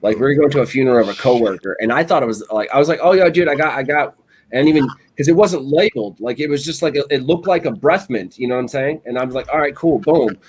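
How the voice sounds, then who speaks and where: A man's voice: mid-range voice, quick pace, slightly rough. Male co-host, loose rambling storyteller, casual podcast banter. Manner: rambling storyteller, animated, lots of "like" and "you know". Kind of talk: casual chat.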